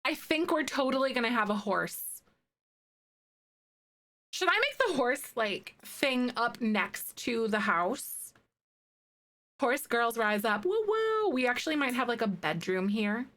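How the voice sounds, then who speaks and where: A woman's voice: fairly high pitch, lively intonation, measured pace, fairly bright tone. A young woman streaming a life-sim game, chatting casually with viewers, bubbly and full of "like"s. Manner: bubbly, chatty, many "like"s, answers chat. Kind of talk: casual chat while playing.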